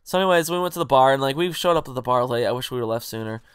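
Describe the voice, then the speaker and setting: A man's voice: medium pitch, rapid-fire, clear, resonant tone, dry recording, studio quality. A young man in a casual storytime vlog, rambling and swearing as he retells a party argument with quoted back-and-forth. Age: young adult. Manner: rambling, profane, animated retelling with quoted dialogue. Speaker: vlogger.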